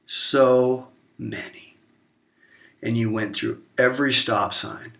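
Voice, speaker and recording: A man delivering an emotional, confrontational monologue to camera, swearing openly and swinging between low murmurs and raised outbursts. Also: fairly even intonation, takes it slowly, creaky, fairly bright tone. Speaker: vlogger.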